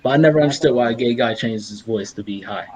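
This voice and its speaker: A man co-hosting a casual group discussion, insistent and quick to say bro. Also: mid-range voice, crowd noise, low-quality recording. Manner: insistent, calls others bro, apologizes for interrupting. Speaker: podcast co-host.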